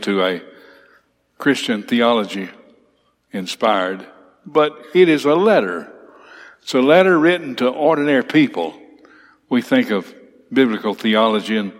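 A man with a mid-range voice teaches a Bible class in a church classroom equipped with slides. His expository lecture alternates between reading verses aloud and explaining them emphatically, repeating key points. The sound has a long hall reverb.

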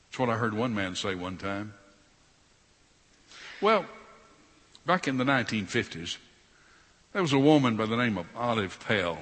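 A man preaching a sermon, swinging between loud emphasis and quiet sarcastic asides. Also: lowish voice. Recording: long hall reverb.

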